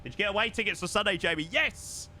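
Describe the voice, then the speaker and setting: A young man chatting casually on a live stream while flying a sim, excitable and self-mocking. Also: high-pitched, quick pace, a little hiss or hum.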